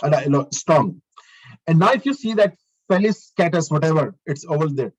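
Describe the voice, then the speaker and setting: A man's voice: fairly high pitch, lively intonation, moderate pace, husky, rough recording. Man teaching a live web coding class. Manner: talks through steps while working, repeats phrases, asks the class questions. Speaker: lecturer. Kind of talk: live online coding lecture.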